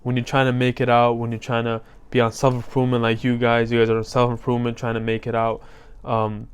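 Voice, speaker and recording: Flat, smooth-voiced young man giving motivational talk. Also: medium pitch, quick pace. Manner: loose slangy delivery full of fillers. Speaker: self-improvement coach. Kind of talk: casual motivational vlog talk.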